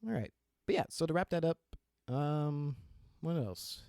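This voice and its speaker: A man's voice: a little high, unhurried, dark tone, smooth, no room sound, clean studio sound. A young adult man hosting his own podcast, talking candidly and with self-deprecating humor in a solo rant, often breaking into laughter. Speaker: podcast host.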